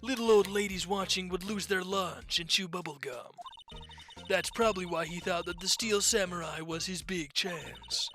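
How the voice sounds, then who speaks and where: A man's voice: sits high, normal speed, bright, forceful tone, soft background music. A man voicing a grumpy, nagging old woman who guards a studio gate, reading a game aloud. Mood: gossiping. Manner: nagging, scolding, rambling.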